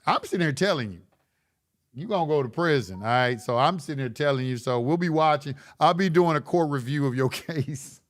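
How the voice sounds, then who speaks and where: A man's voice: on the high side, animated, fairly quick. A man hosting a live stream, reading chat questions and answering them in a blunt, lecturing way with casual slang, often repeating himself.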